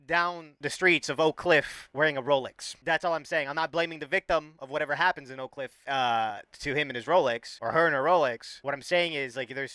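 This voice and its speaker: A man giving an opinionated reaction commentary, arguing fast and emphatically with lots of restarts. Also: mid-range voice, pushed and bright, no room sound. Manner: argumentative, fast, emphatic and rambling. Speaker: commentary streamer reacting to clips.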